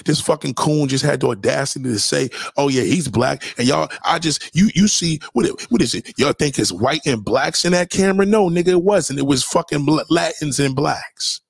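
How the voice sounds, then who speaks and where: A man's voice: on the high side, expressive, a little fast, gravelly, few pauses, slightly rough, no room sound, studio quality. A man giving a heated, profane reaction rant as a commentator, talking back to a clip. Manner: profane, confrontational, preachy.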